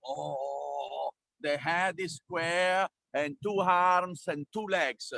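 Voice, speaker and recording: Guide, man, high bright pitch, close dry sound, playful and eager with kids. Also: steady tone, drawn-out words, gravelly, dry recording. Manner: playful, enthusiastic, non-native English. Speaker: local tour guide. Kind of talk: casual outdoor travel vlog talk to kids. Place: outdoors in a city square.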